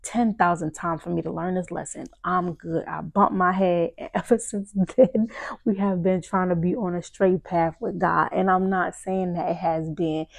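A woman's voice: lowish voice, steady tone, normal speed, vocal fry, dry recording. A young woman hosting a podcast, telling a personal story in casual talk, acting out her own quotes and saying "y'all" often. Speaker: podcast host. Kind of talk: casual testimony to listeners.

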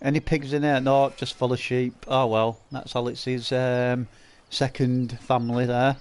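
A man's voice: medium pitch, level tone, a little slow, a little mellow, slight background noise. A man commentating a live farming game stream, teasing viewers with crude, laughing banter. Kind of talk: live gameplay commentary, reading chat.

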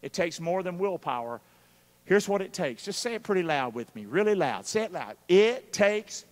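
A man preaching a live sermon, calling out for responses from the congregation and swinging between loud and hushed. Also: sits high, very animated, moderate pace. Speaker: pastor. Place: church sanctuary during a live service. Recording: long hall reverb of a church.

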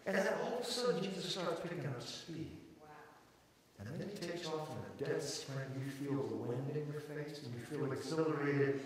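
A middle-aged man preaching a sermon as a pastor, telling stories dramatically and swinging from hushed passages to shouted peaks. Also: fairly high pitch, lively intonation, normal speed. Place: large church auditorium. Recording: echoey hall from far off with crowd.

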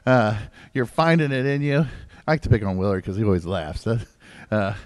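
A man preaching as pastor in a church service, conversational and joking, with asides to the congregation and wide swings between loud emphasis and low asides. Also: expressive, normal speed, no room sound. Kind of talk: sermon. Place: church sanctuary.

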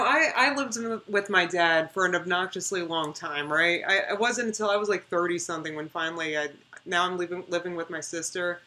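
A chatty woman in her thirties talks straight to her stream audience in a bright, forward voice. She leans on repeated words to make a point and keeps it loose and conversational. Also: on the low side. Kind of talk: casual reaction livestream chat.

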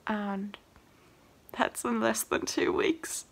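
Tearful yet laughing, this young woman is overcome with emotion as she vlogs about her first song, crying as she talks. She speaks slowly in a creaky, somewhat bright voice that sits on the high side, in the style of an emotional personal vlog.

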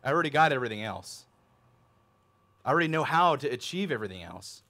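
A man's voice: mid-range voice, lively intonation, fast, pushed and bright. A man preaching a sermon, voicing a proud, self-assured rich young ruler with eager, boastful questions.

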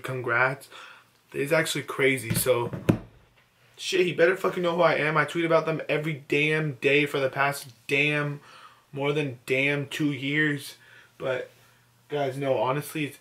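A man's voice: mid-range voice, a bit bright. A young man vlogging at home late at night, overwhelmed and teary with disbelief, just woken up. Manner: overwhelmed, emotional, breathless disbelief. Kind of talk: late-night excited selfie vlog.

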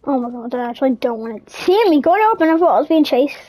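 A woman's voice: high-pitched, expressive, quick pace, dark tone, no echo. A woman gamer giving casual commentary on a horror game, full of jumpy, startled exclamations.

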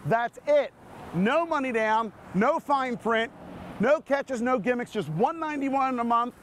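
High-pitched man pitching cars live from an outdoor lot with faint street noise. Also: a little slow. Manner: energetic, repetitive hard-sell patter. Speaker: car dealership pitchman.

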